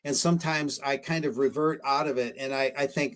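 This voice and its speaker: A man's voice: medium pitch, fairly even intonation, brisk, fairly bright tone. A man talking as a guest researcher on a live-streamed radio interview, rambling and hesitant, correcting himself often with fillers.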